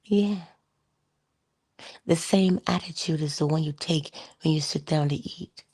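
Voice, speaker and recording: Woman motivational speaker, husky and low, chatty delivery. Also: measured pace, dark tone. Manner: conversational, asks rhetorical questions. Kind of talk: inspirational talk.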